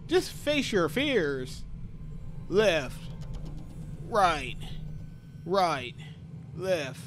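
Lively man with a sore voice. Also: on the high side, very slow, pauses often, slight background noise. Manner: joking, talks to himself, yelps at scares. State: sore voice from talking. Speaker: gaming YouTuber. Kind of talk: horror game commentary.

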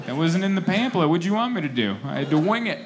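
A young man doing a stand-up comedy set on a club stage, animated and acting out other people's voices. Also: high voice, quick pace, background noise.

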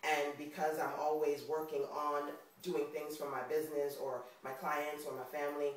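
A woman with a New York accent talking casually to camera in a motivational vlog, chatty and expressive and often laughing. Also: low voice, normal speed, recorded from a distance. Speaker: vlogger. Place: indoors on camera. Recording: very echoey room, off mic.

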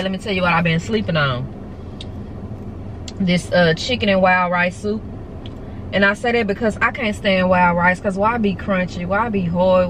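A middle-aged woman vlogging in a chatty, animated way and talking straight to her viewers. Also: mid-range voice, background noise. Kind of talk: casual chatty vlog.

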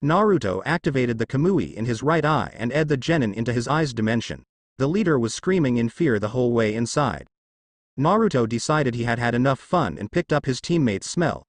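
Brief: male fanfiction narrator, animated pitch, dry close sound. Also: dry recording. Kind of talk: fanfiction reading.

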